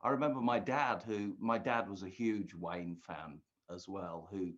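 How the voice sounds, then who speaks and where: A man's voice: sits low, unhurried. A man earnestly recalling his touring days in a casual chat. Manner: earnest, reflective storytelling. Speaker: guest magician recalling touring. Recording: dull lo-fi sound.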